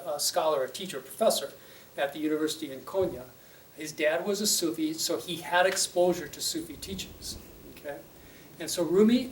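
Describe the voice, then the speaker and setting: A man's voice: on the high side, distant mic. Brief: male teacher, casual storytelling lecture, roomy hall, faint background noise. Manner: conversational, with fillers and check-ins. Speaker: religious teacher.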